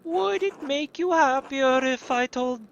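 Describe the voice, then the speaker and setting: A man voicing a kindly nun who gathers herbs, in a high, slow, sing-song voice during a game playthrough. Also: creaky, muffled recording, a little hiss or hum, full character voice.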